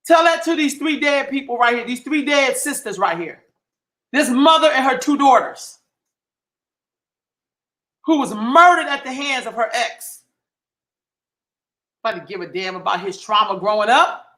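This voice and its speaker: Man, high-pitched voice, sharp and bright tone, heated profane livestream rant, emphatic repetition, echoey room. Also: lively intonation, normal speed, long pauses. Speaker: livestream host. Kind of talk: impassioned livestream monologue.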